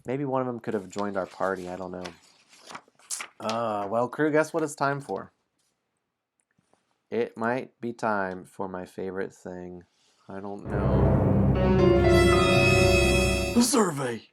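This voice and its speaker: A man's voice: fairly low pitch, vocal fry, a little hiss or hum. A man streaming a dice game, chatting casually with viewers, reading out story passages and chuckling often. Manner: relaxed, chuckles often between lines.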